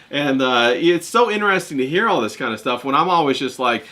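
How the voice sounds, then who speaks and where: A man hosting a podcast in casual chat, animated and quick to swear. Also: medium pitch. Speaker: podcast host.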